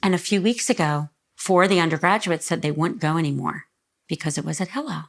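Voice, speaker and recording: A woman's voice: low-pitched, fairly quick, vocal fry. A woman in her fifties, a guest in an emotional living-room interview, speaking earnestly and close to tears. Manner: earnest, voice rises when emotional. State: near tears.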